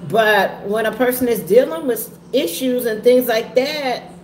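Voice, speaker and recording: A woman talking candidly to her viewers in a halting, heavy way, often repeating herself. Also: fairly high pitch. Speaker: vlogger and trucking business owner. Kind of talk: candid personal talk to viewers. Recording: echoey room with faint ambient noise.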